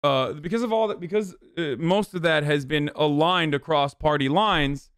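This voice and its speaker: A man's slightly bright, clean-toned voice comes through with clean studio sound and no room echo. Ranting rapidly on political topics during a livestream, he swears heavily and mocks his chat with a sarcastic high voice.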